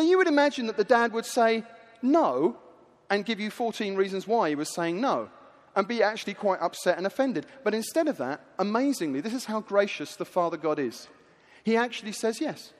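A male preacher giving a rousing sermon in a large hall, telling the story in a lively way. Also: sits high.

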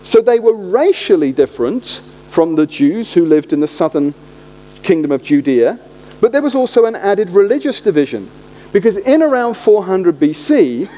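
Guy preaching, jokey and lively, dull lo-fi recording. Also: sits high. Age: 40s. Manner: humorous, animated storytelling. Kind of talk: sermon. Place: church. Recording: echoey hall, dull lo-fi sound.

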